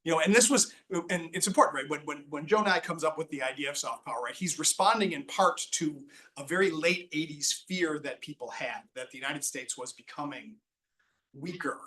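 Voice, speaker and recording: A male panel moderator talks in a loose, rambling way, restarting his sentences often. His voice is bright and a little high. He is picked up from a distance in a hall. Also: fairly quick. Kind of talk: casual panel discussion.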